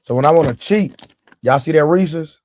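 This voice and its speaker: Hosting a casual live stream, this man eats on air, mentions a sore leg, and talks directly to his chat, joking loosely and greeting viewers by name. His voice is fairly high, darkish in tone, at a moderate pace.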